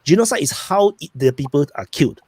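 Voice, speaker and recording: A man's voice: a little high, animated, fast, a little mellow, husky, dry recording. A man in an online panel discussion who explains his point step by step and insists on being heard. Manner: explanatory, insists on getting the floor. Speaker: panel participant.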